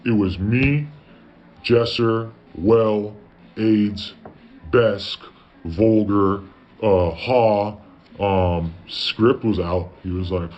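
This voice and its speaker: Male storyteller, casual and profane, keeps quoting himself; slightly low voice, muffled lo-fi recording with light hiss. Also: slow pace, a little mellow. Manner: profane, tells stories with lots of "I was like" quoting. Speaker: guest telling his story. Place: parents' garage. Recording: dull lo-fi audio with faint background noise.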